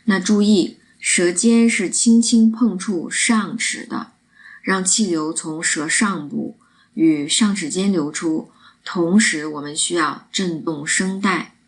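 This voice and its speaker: A woman teaching pronunciation, explaining each step clearly and demonstrating the sounds. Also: fairly low pitch, slow.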